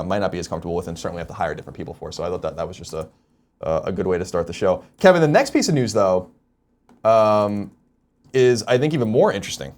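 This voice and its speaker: Fast-talking male co-host. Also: fairly low pitch, darkish tone. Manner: fast, rambling with restarts. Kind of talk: casual chat and news reading.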